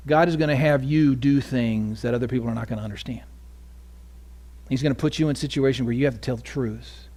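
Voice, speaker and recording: A man preaching a sermon as pastor, dropping to hushed asides and rising to loud emphasis, often asking the congregation questions. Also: mid-range voice, fast. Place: church sanctuary.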